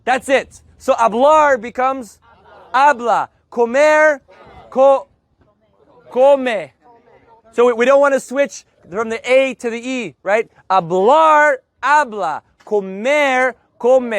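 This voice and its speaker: A man teaching Spanish to a live group of learners, energetic and joking, drilling words loudly for the class to repeat. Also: very high-pitched, slow, no echo. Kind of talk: live group language lesson. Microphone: loudspeaker mic.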